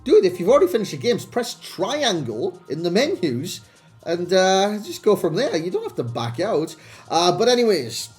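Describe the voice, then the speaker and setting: A man's voice: high-pitched, wildly swooping pitch, normal speed, a little mellow. A young man chatting casually to his viewers as he reviews a game card. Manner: chatty, addresses viewers as lads and boys. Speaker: gaming video creator. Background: faint background music.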